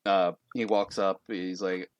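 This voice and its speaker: A man's voice: sits low, little pitch movement, measured pace, highs cut off, slight background noise. A young man narrating a tabletop game as game master, in a casual, rambling way full of fillers.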